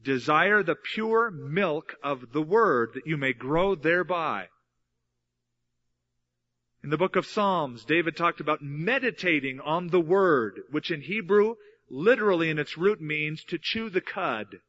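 A man delivers a sermon as a pastor, teaching earnestly and pressing his points through repetition. His voice sits a little high and has a bright, forward edge. The recording sounds dull and lo-fi. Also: expressive, a little slow. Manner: earnest, explanatory Bible teaching with emphatic repetition.

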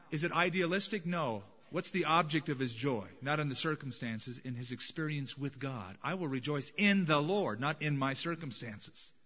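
A male pastor preaching a sermon in a dramatic manner, dropping to a hush and then rising to emphatic points. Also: fairly high pitch, breathy edge, big-room sound, highs cut off. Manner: dramatic, swings between hushed and emphatic.

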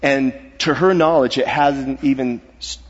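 A middle-aged man telling a personal story in a sermon, earnest and halting, his voice dropping to a hush at the grave parts. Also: medium pitch, steady tone, husky. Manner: earnest, halting, dropping to a hushed voice at serious moments. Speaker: guest speaker. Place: church sanctuary. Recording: dull reverberant hall sound.

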